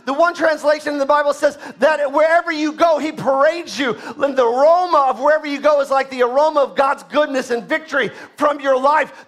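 A male preacher giving a fervent sermon, rising to shouts for emphasis. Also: extremely high pitch.

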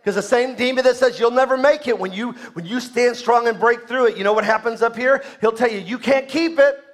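High-voiced man preaching emphatically. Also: steady tone, fairly quick. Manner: emphatic preaching, swings from loud to soft, rhetorical questions. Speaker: pastor. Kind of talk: sermon.

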